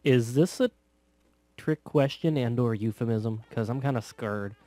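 A man casually commenting on a video game, joking sarcastically with bursts of loud laughter. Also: medium pitch, a little slow, dry recording. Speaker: gameplay commentator. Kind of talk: casual let's play commentary.

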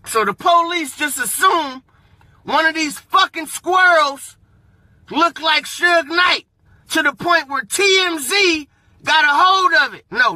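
A man in a profane, mocking rant to his viewers, sometimes bursting into shouts. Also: high voice, dry recording. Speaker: vlogger. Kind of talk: ranting monologue.

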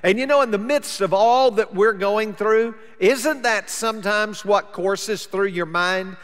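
A pastor giving a sermon in a conversational, folksy way. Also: male voice, sits high, measured pace, a bit bright, clean tone, big-room sound. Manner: conversational preaching, plain folksy wording. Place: church sanctuary.

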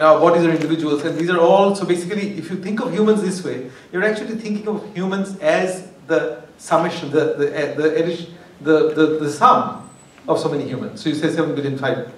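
A man's voice: on the high side, fast, hardly any pauses, slight background noise. Man lecturing in an echoey hall. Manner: discursive, restarts phrases, wry asides. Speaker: guest lecturer. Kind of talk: academic lecture. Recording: echoey hall, far from mic, faint ambience.

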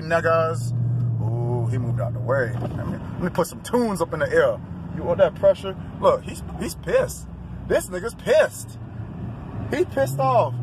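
Brief: man driving and vlogging, high and very animated pitch, profane and shouty, road noise around him. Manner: loud, profane trash talk, taunting other drivers; often breaks into shouting. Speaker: driver filming himself. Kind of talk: casual in-car vlog commentary. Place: inside a car on city roads. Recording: noisy in-car recording with road noise.

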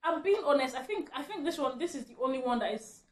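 Woman vlogger, high voice, ranting and laughing, echoey room at home. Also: quick pace. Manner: animated, laughing mid-rant. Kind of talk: ranting vlog.

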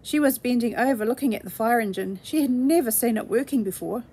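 A woman reading a children's storybook aloud in a gentle, measured way. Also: on the high side, slightly rough.

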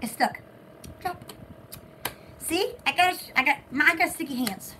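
A woman's voice: extremely high pitch, expressive, measured pace, bright, forceful tone, a little hiss or hum. A woman hosting a live online sale, chatting casually and giggling often. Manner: giggly and playful. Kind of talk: casual livestream chat.

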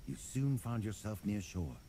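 A man giving scripted storytelling narration for a video game, measured and even. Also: on the low side. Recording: hissy game audio.

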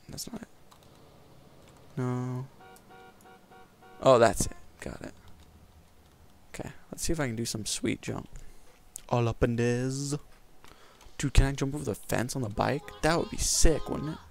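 A man's voice: medium pitch, unhurried, creaky, long pauses, soft background music. A young man giving casual, rambling let's-play commentary over a video game, joking and mocking himself as he plays. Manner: rambling, self-mocking, jokey. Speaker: gameplay commentator.

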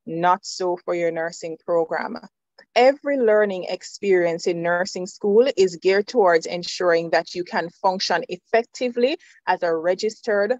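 A woman's voice: medium pitch, no room sound. Firm woman lecturing, muffled. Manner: measured, firm, instructive. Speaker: nursing lecturer. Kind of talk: presentation to students.

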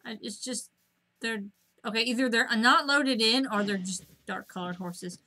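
A woman streaming a game at home, chatting to herself in a rambling, casual way and breaking into excited squeals at the animals. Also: normal speed. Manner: rambling, self-talking, bursts of high squeals at animals.

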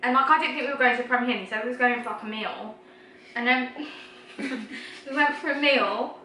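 A young woman tells a story in a casual chat, blunt and quick to swear. Her voice is bright and fairly high, picked up from a distance in an echoey room. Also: a little hiss or hum. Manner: blunt, swears freely, laughs as she talks. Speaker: guest friend.

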